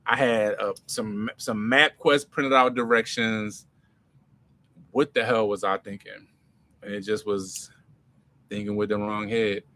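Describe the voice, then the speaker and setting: Man in his forties, creator telling stories in a Q&A; bright, punchy voice, slangy, swings from loud to hushed. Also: on the low side, fairly even intonation, a little slow, pauses often. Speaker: comedy writer and creator. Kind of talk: casual storytelling Q&A.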